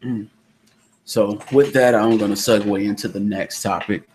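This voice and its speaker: A podcast host with a Southern American accent leads a casual online discussion over a call connection, indoors during a thunderstorm, and the audio is very noisy. His voice sits on the low side at normal speed as he tells a story animatedly, acting out the people in it and delivering their quotes loudly.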